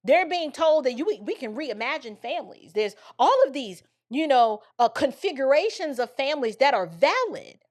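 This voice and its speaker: Combative, high-voiced woman commentator. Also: big pitch swings, moderate pace, few pauses. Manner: combative, preachy, rhetorical questions. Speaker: political commentator. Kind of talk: opinion monologue.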